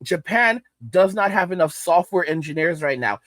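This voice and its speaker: A man's voice: high voice, animated, moderate pace, a bit bright, no echo. A man doing reaction commentary, emphatic and repeating phrases for stress.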